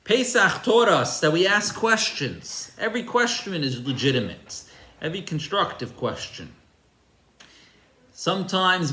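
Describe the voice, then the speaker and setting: A man's voice: medium pitch, a bit bright. A man, a rabbi, giving an earnest, emphatic sermon with storytelling. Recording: roomy echo.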